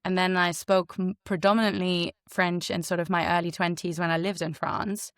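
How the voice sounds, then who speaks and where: A woman voice actor, a native German speaker with a hybrid international accent, chatting lively as a podcast guest. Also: on the low side, moderate pace, no echo, studio quality. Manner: lively, chatty, heavy use of "like".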